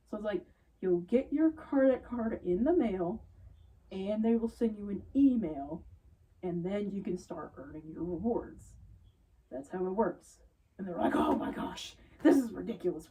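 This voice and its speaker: A woman's voice: mid-range voice, normal speed, distant mic, rough recording. A young woman retail worker casually telling an exasperated story about rude customers. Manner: exasperated, animated retelling with quoted customers.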